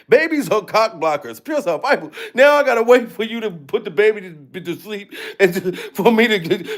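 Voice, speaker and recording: A man giving loud, profane, comedic reaction commentary and repeating a catchphrase. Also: high-pitched. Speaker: commentary vlogger.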